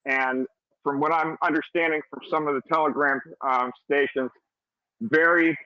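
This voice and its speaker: A man's voice: a little high, steady tone, moderate pace, dry recording. An American man joining a live audio chat as a regular listener, upbeat and earnest. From United States. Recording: dull lo-fi audio.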